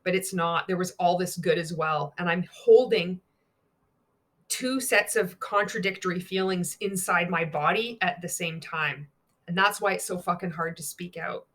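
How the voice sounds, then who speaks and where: A woman's voice: lowish voice, moderate pace, fairly bright tone. A woman, a former network marketer, speaking candidly in a monologue vlog, blunt and sweary, mockingly reading out training material.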